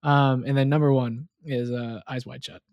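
A podcast co-host chatting about films in a relaxed, easygoing way with dry humor. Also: mid-range voice, normal speed, no room sound, muffled recording. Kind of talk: casual film chat.

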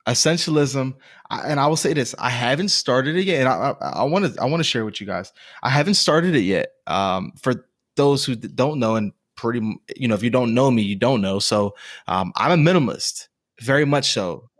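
A man's voice: medium pitch, lively intonation, brisk, dry recording, studio quality. A man in his twenties co-hosting a casual chat, enthusiastically recommending shows and books. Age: 20s. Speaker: podcast co-host.

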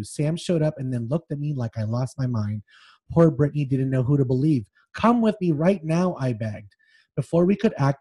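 Guy on a podcast reading book bits out loud all dramatic, warm husky sound. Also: mid-range voice. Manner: reads excerpts aloud with feeling, then chats loosely. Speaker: podcast co-host.

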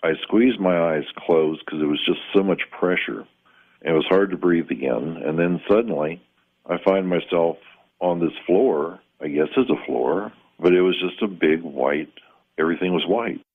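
A man calmly recounting a strange personal experience in plain, measured words, sometimes pausing to find the right term. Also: sits low, husky. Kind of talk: first-person spoken recollection. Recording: tinny phone-like line.

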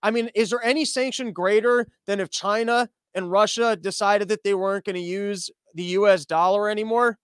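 A man's voice: sits high, fairly even intonation, moderate pace, few pauses, clean tone, no echo. A man ranting about politics in a sarcastic, profane, rambling comedy style.

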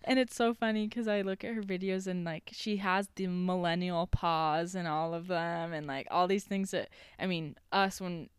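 A young woman co-hosting a podcast, chatting casually with quick reactions, gasps and laughs. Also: fairly low pitch, steady tone, smooth, dry recording, studio quality. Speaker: podcast co-host. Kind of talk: casual chat.

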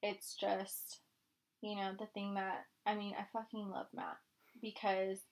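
A woman's voice: mid-range voice, completely flat delivery, measured pace. A young woman co-hosting a podcast, talking candidly and emotionally in casual chat, swearing freely. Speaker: podcast co-host.

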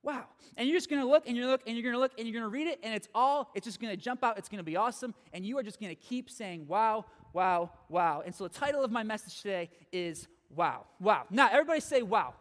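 Male pastor with a very high voice, preaching energetically in a church hall with long reverb. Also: rapid-fire, hardly any pauses. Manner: energetic, repeats phrases, checks in with "okay?". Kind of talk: sermon.

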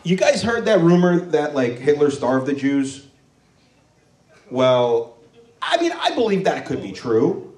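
A man's voice: fairly high pitch, sing-song, a little slow, pauses often, a little mellow. Rambling crude stand-up man in his thirties. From Morocco. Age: 30s. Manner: loose, rambling, crude, with mocking voices for quoted people. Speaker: stand-up comedian. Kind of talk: stand-up comedy set. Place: comedy club stage. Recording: roomy club sound from a distance.

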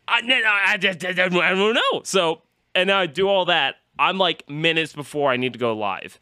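Male podcast host, bright forceful voice, rambling anecdotal delivery. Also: high voice, brisk, clean tone, dry recording, studio quality. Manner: rambling storytelling, acts out quotes. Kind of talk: casual podcast chat.

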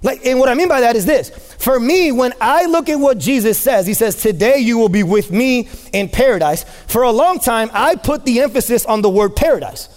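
High-voiced preaching man in a reverberant hall. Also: lively intonation, fairly quick, few pauses. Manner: impassioned preaching, rising to shouts, repeats phrases for emphasis. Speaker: pastor. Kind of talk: sermon.

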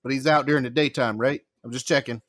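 A man's voice: mid-range voice, steady tone, quick pace, fairly bright tone, dry recording, clean studio sound. A man playing in a tabletop game, asking questions out of character. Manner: inquisitive. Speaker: player. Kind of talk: casual chat.

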